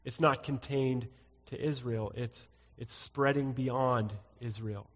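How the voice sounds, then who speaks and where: Male pastor, mid pitch, expository sermon with read-aloud verses, hall reverb. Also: fairly even intonation, takes it slowly. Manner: teaching through scripture, reads verses aloud, frequent "uh" fillers.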